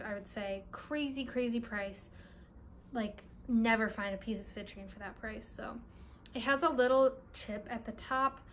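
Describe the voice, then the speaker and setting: A young woman who runs a crystal shop, talking through her purchases in a casual, excitable vlog with lots of "like" and "really, really". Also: a little high, a little hiss or hum. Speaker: crystal shop owner and vlogger. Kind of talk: casual show-and-tell vlog.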